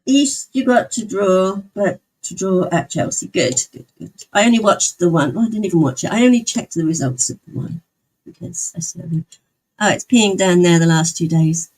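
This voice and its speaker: A woman's voice: on the low side, lively intonation, moderate pace, a little mellow, rough recording. A young woman streamer in casual chat, talking with her viewers and answering their comments as she goes. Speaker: livestreamer.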